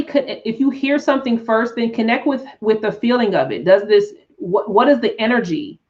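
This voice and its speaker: A woman teaching tarot on a live stream, talking in an unhurried, reflective way with frequent restarts and "right?" check-ins. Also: fairly high pitch, a little mellow, lo-fi sound. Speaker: tarot teacher and spiritual coach.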